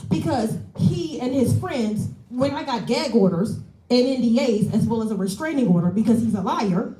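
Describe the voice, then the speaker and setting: A woman stands at a council podium pouring out complaints, angry and aggrieved. Her voice sits a little high but sounds soft and mellow. The council chamber around her is echoey. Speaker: public commenter. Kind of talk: public comment at a council meeting.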